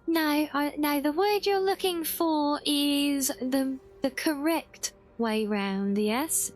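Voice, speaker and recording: A woman's voice: high-pitched, slow, hardly any pauses. A woman livestreaming a game, chatting casually with her chat, giggly and bubbly.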